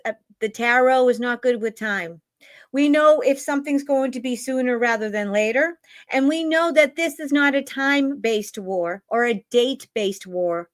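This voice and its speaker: Woman host, tarot reader, casual live-stream chat; blunt and sweary, voice sitting a little high. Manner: chatty, blunt, swears freely, keeps asking "right?".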